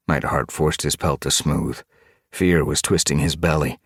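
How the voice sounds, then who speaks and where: A man narrating an audiobook with expressive, dramatic storytelling. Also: a bass voice, a little slow, slightly rough, no room sound, studio quality. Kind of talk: scripted narration.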